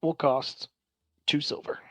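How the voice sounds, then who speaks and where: A man's voice: takes it slowly, no room sound. A man narrating as game master in a tabletop game, talking casually with many fillers and restarts.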